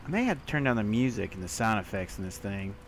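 A young man giving let's play commentary, talking to himself and breaking into panicked shouts, over faint game music. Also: lowish voice, animated, fast talker, slight background noise. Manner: jumpy, talks to himself, bursts into panicked shouts. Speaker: gaming video creator.

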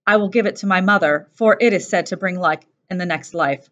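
A woman reading aloud as a cold, proud young woman fighter, slow and clipped. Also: lowish voice, a bit bright, close to an everyday voice. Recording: dull lo-fi recording.

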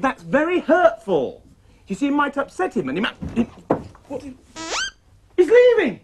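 A man's voice: extremely high pitch, background noise. A middle-aged man hosting a children's TV puppet show, playful and chatty as he talks to his puppets. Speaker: puppeteer host.

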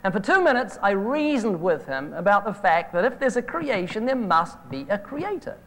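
Brief: male evangelist, high voice, storytelling sermon, hall echo from an old tape. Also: moderate pace, a little hiss or hum. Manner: storytelling, animated retelling of phone calls. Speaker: evangelist preacher. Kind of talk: sermon with anecdotes. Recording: hall reverb from an old videotape.

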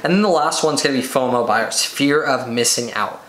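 Rapid lists and impressions of eager buyers fill this solo business podcast, hosted by an energetic man with a medium pitch. His voice echoes around the room.

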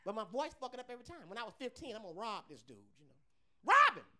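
Man, very high soft voice, bright sharp tone, profane stand-up comedy. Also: racing. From Tuscaloosa, Alabama. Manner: brash, profane, animated storytelling. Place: comedy club stage.

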